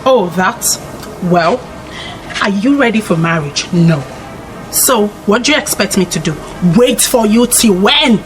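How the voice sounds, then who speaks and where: A woman's voice: medium pitch, expressive, unhurried, faint music behind, natural voice, rough recording. An actress with a Nigerian accent playing a proud young woman who taunts others coldly. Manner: taunting, cold. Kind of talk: Nollywood drama acting.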